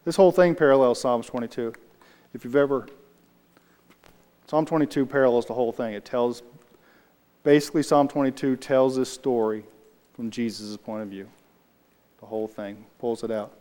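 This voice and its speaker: A man's voice: medium pitch, steady tone, normal speed, long pauses, warm tone. A man leading a casual Bible study, talking loosely and answering his group as he reads aloud. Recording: reverberant room.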